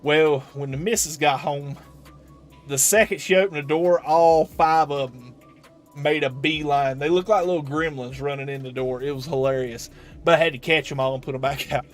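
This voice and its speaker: Chatty game streamer man, higher voice. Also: moderate pace, faint music behind. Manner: chatty, answers viewer chat with many restarts. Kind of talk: casual live-stream chat.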